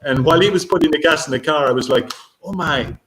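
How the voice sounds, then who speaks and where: A man giving a conference talk as a marine biologist, speaking haltingly with many fillers and restarts. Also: fairly high pitch, fairly bright tone. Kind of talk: conference talk answering questions. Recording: echoey room, faint noise.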